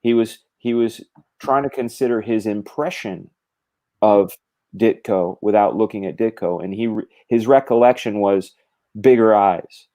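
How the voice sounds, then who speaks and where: A man's voice: fairly low pitch, darkish tone. A middle-aged man in casual conversation, animatedly explaining drawing craft with gestures and quoted thoughts. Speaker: comic book artist guest.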